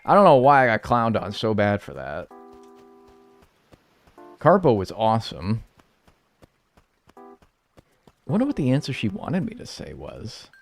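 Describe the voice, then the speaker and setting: A man's voice: on the low side, a little slow, vocal fry, long pauses, faint music behind. A young man chatting casually and rambling on a live gameplay stream, swearing freely as he talks. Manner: animated, chatty, swears a lot.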